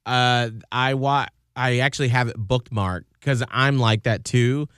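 Smooth-voiced radio host in a dry studio. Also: male voice, medium pitch, fairly even intonation, unhurried, fairly bright tone, dry recording. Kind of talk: casual studio chat.

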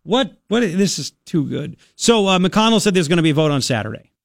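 A man's voice: high-pitched, a little fast, gravelly, no echo, clean studio sound. Joking man in his forties hosting talk radio. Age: 40s. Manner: joking, teasing, animated storytelling. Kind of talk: talk radio banter and commentary. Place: radio studio. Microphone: studio mic.

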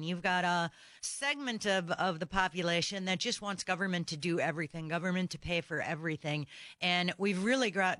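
A woman hosting a talk radio program, worked up and firing off indignant rhetorical questions. Her voice is bright and forceful, smooth and crisp, and it sits close and dry on a studio microphone. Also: on the low side, no room sound. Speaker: radio talk show host. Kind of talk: opinionated talk radio monologue.

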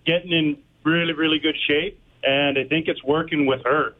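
A man's voice: on the high side, fairly even intonation, normal speed, phone-quality sound. A man calling in to a radio show, talking shyly and hesitantly. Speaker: caller. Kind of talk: radio call-in.

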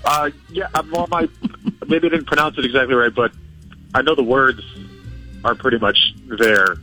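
A male caller with a bright, tense voice who hesitates and fills his sentences with ums as he defends himself. Soft music plays underneath. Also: medium pitch, big pitch swings, moderate pace, low-quality recording. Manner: hesitant, defensive, filler-heavy. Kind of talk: phone prank call.

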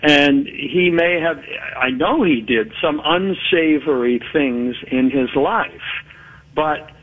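A man, a newspaper columnist calling in as a guest, giving measured, opinionated political commentary. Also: a little high, husky. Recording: tinny phone line.

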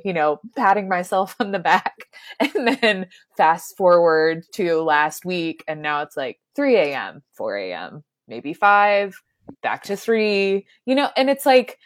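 A woman in her thirties, a mother, chatting casually in a reflective, soft-spoken way with many fillers. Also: mid-range voice, animated, a little slow, dry recording, studio quality. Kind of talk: casual chat.

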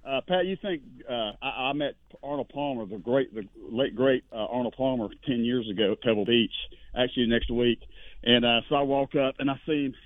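Man, fast talker, tinny dry phone line, animated storyteller. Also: mid-range voice, no echo. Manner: rapid, animated anecdote-telling with voices for quoted people. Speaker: regular caller on a sports radio show. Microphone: telephone.

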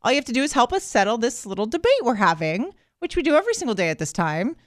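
A woman co-hosting a morning radio show, chatting quickly and taking calls in a studio. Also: a little high, big pitch swings, dry recording. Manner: chatty, quick, laughing often. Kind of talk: casual morning radio banter. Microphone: studio microphone.

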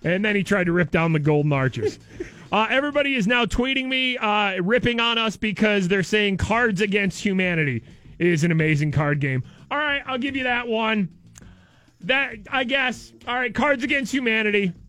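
A man's voice: high-pitched, expressive, normal speed, pushed and bright. A man hosting a morning radio show, chatting loosely and jokingly with his co-host. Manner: loose, rambling, jokey. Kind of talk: casual radio banter.

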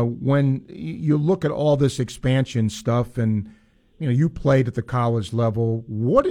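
A man's voice: mid-range voice, dark tone. A man hosting a sports talk radio show, talking conversationally with fillers.

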